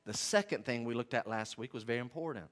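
A man preaching a sermon to his congregation, emphatic, slowing down and shifting loudness to stress his points. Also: medium pitch. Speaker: pastor.

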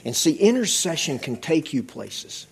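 A man's voice: fairly high pitch, big pitch swings, normal speed, vocal fry. A middle-aged man preaching a testimony sermon, telling stories in a conversational way and repeating phrases.

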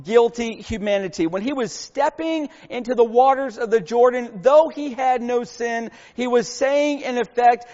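A man with a high voice preaches a sermon, earnest and emphatic, pressing his points with rhetorical questions. His voice rings with a long reverb in a church hall, and the recording sounds dull and lo-fi. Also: moderate pace, few pauses, darkish tone. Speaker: pastor.

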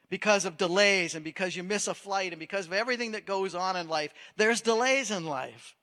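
A man's voice: high-pitched, bright, forceful tone, long reverb tail. A man preaching a sermon in a conversational style, asking the listeners questions. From Maine. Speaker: pastor.

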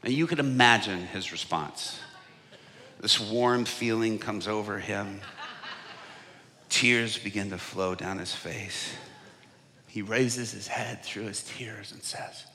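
A man preaching a sermon from a stage, telling a story and acting out what people said, often getting much louder. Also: on the low side, takes it slowly, pauses often, a little hiss or hum. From United States. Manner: animated, acts out quotes with big swings in loudness. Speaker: evangelist preacher. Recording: long hall reverb.

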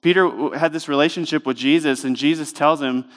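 Smooth-voiced pastor preaching conversationally. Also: male voice, fairly high pitch, fairly even intonation, a little fast. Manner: conversational, emphatic preaching with rhetorical questions. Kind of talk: sermon. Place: church.

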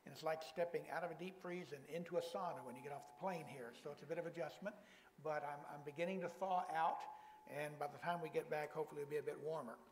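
A man's voice: on the high side, steady tone, quick pace, in a large hall, slight background noise, low-quality recording. An older man preaching as a guest pastor in a church, speaking in a folksy way with self-deprecating humor. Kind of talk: sermon.

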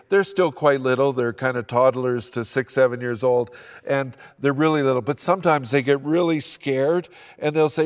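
Older pastor preaching in a reverberant hall. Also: male voice, mid-range voice. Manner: earnest, building emphasis. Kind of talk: sermon.

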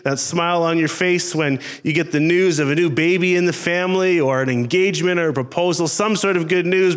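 Man preaching in church, pretty high voice, earnest and pleading, keeps repeating himself. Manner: earnest, pleading, repetitive phrasing. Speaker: pastor. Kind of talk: sermon. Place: church service before a congregation.

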